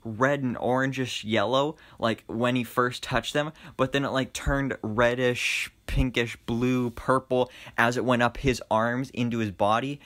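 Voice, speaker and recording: Young man, movie reviewer, casual and enthusiastic, rambling, many fillers, mid-pitched voice. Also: fairly even intonation, a little slow, few pauses, fairly bright tone.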